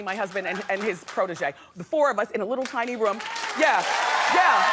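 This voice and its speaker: A middle-aged woman host dishes gossip to a studio crowd, her fairly high voice swooping up and down as she tells the story. She is chatty and dramatic, and the audience noise stays clear behind her. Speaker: talk show host. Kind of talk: daytime talk show gossip segment.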